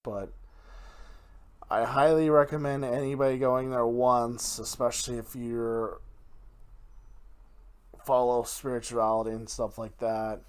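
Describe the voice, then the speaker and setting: A man's voice: mid-range voice, flat delivery, a little slow, long pauses. A man hosting his own podcast in a casual, rambling solo talk, correcting his own slips and laughing at himself. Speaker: podcast host.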